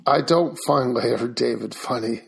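A man's voice: mid-range voice, normal speed, gravelly. A man hosting a casual chat, blunt and teasing, telling stories in a dry way.

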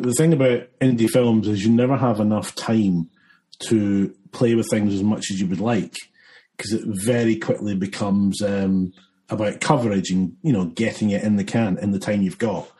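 Man, filmmaker guest, low warm voice, loose rambling delivery. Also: fairly even intonation, moderate pace, rough recording. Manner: rambling, many fillers and restarts, laughs often. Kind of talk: casual interview chat.

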